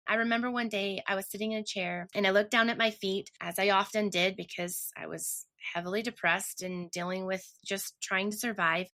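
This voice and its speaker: A woman's voice: medium pitch, fairly even intonation, brisk, hardly any pauses, sharp tone. A woman telling her personal story earnestly and emotionally, often restarting her sentences. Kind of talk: personal testimony.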